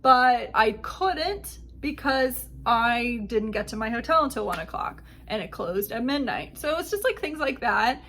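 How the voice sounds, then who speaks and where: A woman's voice: on the high side, expressive, a little slow, hardly any pauses, fairly bright tone, a little hiss or hum. A woman hosting a podcast, telling a travel story in casual chat and acting out the exchanges she quotes. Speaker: podcast host.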